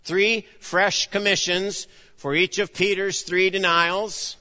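A man preaching a sermon with a bright, forceful voice, pitched a bit high for a man. He acts out the dialogue of his story, swinging between loud emphasis and a hushed, low delivery. The sound is dull, with a long echo from a big hall. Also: level tone, takes it slowly. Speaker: pastor.

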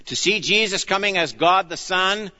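A man preaching a verse-by-verse sermon with a bright, forceful voice pitched a little high. He is earnest and emphatic, sinking low and quiet on the phrases he wants to land. The sound is dull, with a long church reverb. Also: lively intonation, moderate pace. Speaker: pastor. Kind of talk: expository sermon.

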